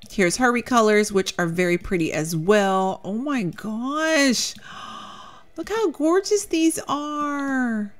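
A woman's voice: on the low side, a bit bright. A young woman chatting casually as she shows off game clothing, gushing and talkative, calling her viewers "y'all". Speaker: Sims content creator showcasing custom content. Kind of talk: casual gameplay commentary.

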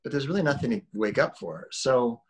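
A man in his forties, an actor being interviewed, talking in a relaxed, rambling way with restarts and laughs. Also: mid-range voice, fairly quick, slightly rough. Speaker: actor guest. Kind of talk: casual interview chat.

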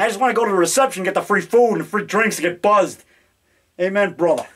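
A man's voice: high voice, fairly bright tone. A man in his fifties making a rambling, boastful, jokey vlog to a camera in his home basement. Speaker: low-budget horror filmmaker. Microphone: camera mic.

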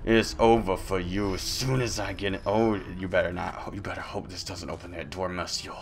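A man giving playful let's-play commentary, goofy and taunting, with sudden loud outbursts. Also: low voice, steady tone, normal speed. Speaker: gameplay commentator.

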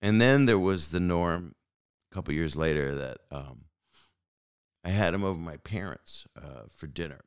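A man's voice: sits low, moderate pace, clean tone. A man in his sixties hosting a podcast, rambling through casual stories with fillers and restarts, acting out other people's lines. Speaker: podcast host. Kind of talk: casual storytelling.

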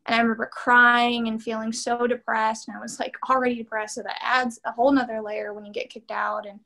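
A woman's voice: a little high, a little fast. Earnest woman telling her story. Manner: earnest and animated, many fillers. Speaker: interview guest, PhD student and therapist. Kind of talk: candid conversational interview.

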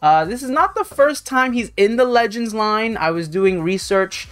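A woman's voice: on the high side, expressive, moderate pace. A woman hosting a hobby channel, talking through an unboxing in a casual, rambling way with lots of fillers. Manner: rambling, chatty, many fillers.

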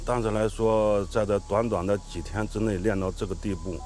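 A man serving as a martial arts master, giving students brief assessments in a calm, measured, matter-of-fact way. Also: fairly low pitch, a little hiss or hum.

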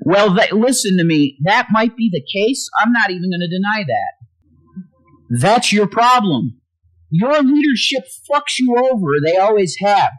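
A man's voice: sits high, big pitch swings, measured pace, low-quality recording. A man hosting a livestream, ranting angrily with constant swearing. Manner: angry profane ranting, swings loud and quiet. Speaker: livestream host.

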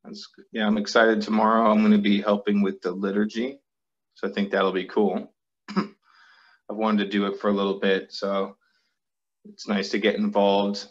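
Low-voiced man on a lo-fi video call. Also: normal speed. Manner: calls himself monotone, plain and steady. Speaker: guest host reading questions. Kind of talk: casual video call chat. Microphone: built-in computer mic on a video call. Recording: dull lo-fi call audio.

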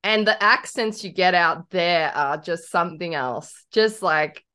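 A woman's voice: fairly low pitch, unhurried, bright, forceful tone. A young Australian woman co-hosting a podcast in casual chat, giggly and effusive. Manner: giggly and effusive, talks over her co-host. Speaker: podcast co-host.

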